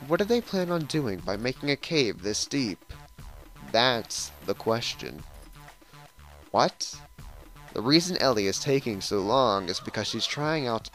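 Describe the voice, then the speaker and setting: Guy reading a game out loud for a let's play, pitch all over the place, snarky asides, faint music behind. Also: poor audio. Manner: lively, switches between reading and sarcastic asides. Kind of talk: reading game text aloud with commentary.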